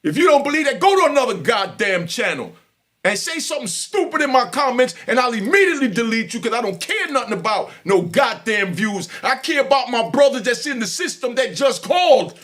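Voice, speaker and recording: An older man, ranting loudly and with heavy profanity at viewers of his prison stories vlog. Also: very high-pitched, big pitch swings, brisk. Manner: loud, profane, preaching to viewers. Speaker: prison story vlogger. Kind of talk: heated unscripted monologue.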